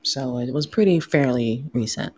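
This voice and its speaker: A woman with a notably deep speaking voice, chatting casually as a co-host. She laughs constantly and makes crude jokes. She reads a news story aloud in an offhand way. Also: normal speed, darkish tone, husky. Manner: laughs often, crude and playful. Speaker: podcast co-host.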